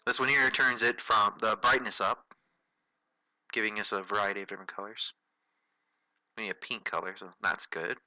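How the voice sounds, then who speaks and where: A man hosting a livestream drawing tutorial, narrating casually as he works and thinking aloud with fillers and quick self-corrections. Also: on the low side, steady tone, pushed and bright, no echo, rough recording.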